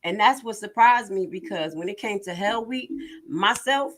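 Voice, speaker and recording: Animated, sassy woman commentator. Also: mid-range voice, normal speed. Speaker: online commentator. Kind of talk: casual livestream commentary.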